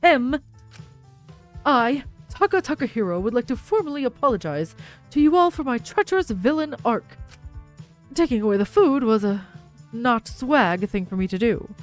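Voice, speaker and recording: A goofy teenage boy TV personality with stiff, mock-formal speech, read aloud by a woman. The voice sits a little on the high side. Faint game music plays underneath. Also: sing-song, moderate pace, rough recording.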